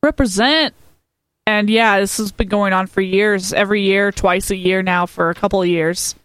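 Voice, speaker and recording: Bubbly and joking, a woman co-hosts a casual podcast, talking excitedly in casual chat. Her mid-range voice is clear and resonant at a moderate pace, with no room sound.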